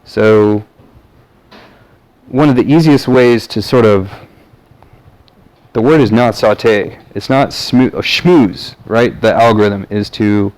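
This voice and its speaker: A man's voice: fairly low pitch, takes it slowly, long pauses, a little mellow, low-quality recording. A man from the American South talking to camera in a rambling, casual monologue full of fillers and restarts. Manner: meandering, many fillers and restarts. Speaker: vlogger.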